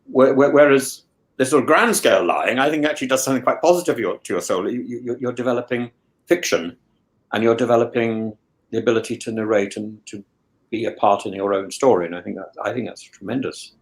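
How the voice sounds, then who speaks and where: A man talking things through in an easy chat, circling back over his own words with stammers and restarts. His voice sits at an ordinary middle pitch, and the talk stays measured and reflective. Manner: rambling with many restarts and stammered repeats; thoughtful, measured musing. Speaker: regular guest. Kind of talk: casual chat.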